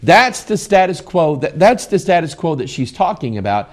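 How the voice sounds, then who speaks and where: Middle aged american guy preaching on politics, fired up, pitch up a bit and all over the place. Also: sing-song, normal speed. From United States. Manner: impassioned, reads news aloud with commentary. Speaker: preacher and broadcast host. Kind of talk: political commentary broadcast.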